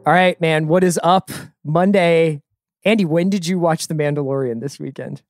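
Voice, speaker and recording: A man's voice: on the high side, a little mellow, dry recording, faint music behind. A man hosting a podcast, introducing the show and chatting in an upbeat, jokey way. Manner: upbeat, jokey, quick to riff. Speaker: podcast host. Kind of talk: casual podcast chat.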